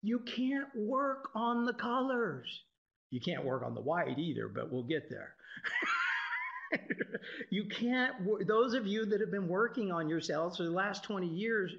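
Man, informal teacher, profane, laughs a lot, lively swooping pitch, dull lo-fi sound. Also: normal speed, creaky. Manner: profane, irreverent, laughs often. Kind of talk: informal spiritual talk. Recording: dull lo-fi recording.

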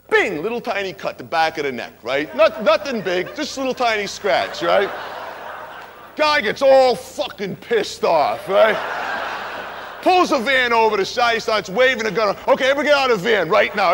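A man's voice: high-pitched, fairly bright tone, a little hiss or hum, exaggerated voice. A man playing a brash, tough-talking young hitchhiker telling a wild story on stage, forever asking "right?". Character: wild young male hitchhiker spinning a stoner tale. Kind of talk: stage monologue character.

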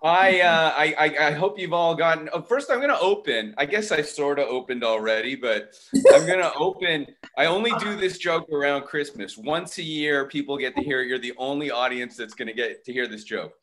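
A man's voice: on the high side, animated, a little fast, a bit bright. A man doing a self-deprecating, rambling stand-up set from his home over a video call, with chatty asides. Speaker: stand-up comedian.

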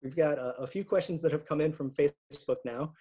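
A man's voice: a little high, fairly quick, mellow, husky, poor audio. A man with an upstate New York accent moderating a casual live Q&A over a video call, reading out viewer questions and laughing often. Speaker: festival Q&A moderator.

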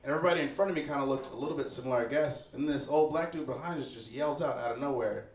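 A man's voice: mid-range voice, rapid-fire, slight background noise. A young man from Chicago doing a laid-back, wry stand-up set, acting out the people he talks about. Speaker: stand-up comedian. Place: small apartment living room with a live audience. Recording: roomy live recording with audience laughter.

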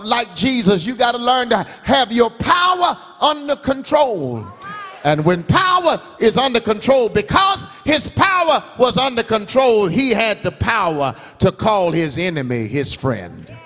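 High, lively preacher in a reverberant church. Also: male voice, unhurried. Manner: emphatic preaching cadence, swinging between shouted and sung phrases. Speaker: guest revival preacher. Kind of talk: sermon. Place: church sanctuary. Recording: long church hall reverb.

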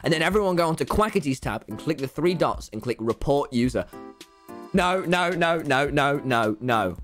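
Excitable young man streaming a game. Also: fairly high pitch, moderate pace, faint music behind. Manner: excitable, frequent laughing and yelling, repeated words. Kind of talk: live gameplay stream commentary.

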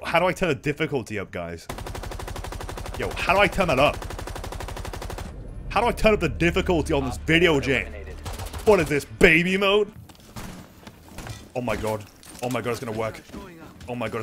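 A young man giving live, excitable commentary while playing a shooter game, swearing and laughing often. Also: mid-range voice, slight background noise. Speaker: streamer.

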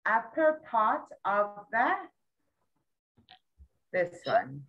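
A woman tutoring a young child one-on-one, patient and full of praise, repeating words slowly. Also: mid-range voice, sing-song, muffled recording. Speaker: English tutor.

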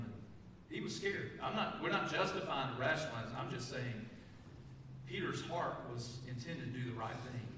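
A pastor from Texas delivering a conversational sermon, asking the congregation questions and reading scripture in a church sanctuary. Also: male voice, medium pitch, expressive, moderate pace, background noise. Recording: echoey church hall, mic from a distance.

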